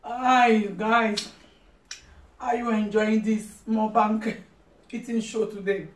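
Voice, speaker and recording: A woman's voice: on the high side, steady tone, slow, a little hiss or hum. Playful Nigerian woman hosting a mukbang. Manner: playful, laughs often, teasing, mixes in pidgin. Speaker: vlog host. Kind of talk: casual mukbang chat. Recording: roomy sound from a distant mic.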